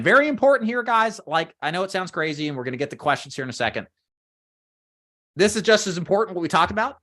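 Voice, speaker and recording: A man in his thirties coaching sales agents, emphatic and animated, acting out sample phone pitches on camera. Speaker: sales trainer. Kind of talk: training talk to agents. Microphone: webcam or desk mic on camera.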